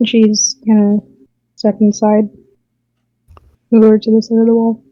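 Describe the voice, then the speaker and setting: A woman playing a tabletop game, chatting and quickly explaining her character's choices. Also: a little high, monotone, mellow, dry recording, dull audio. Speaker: player. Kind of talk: casual tabletop game play.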